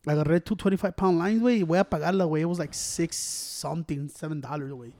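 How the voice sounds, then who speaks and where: A man's voice: fairly high pitch, quick pace, few pauses, no room sound. A man telling a story in casual chat among friends, swearing a lot and acting out other people's lines. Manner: profane, animated, mimics other people.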